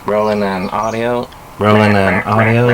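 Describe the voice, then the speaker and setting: A man's voice: lowish voice, little pitch movement, a little slow, over a noisy crowd, natural voice, rough recording. A man putting on the voice of a bossy male film-set crew member who calls out cues in clipped, commanding bursts.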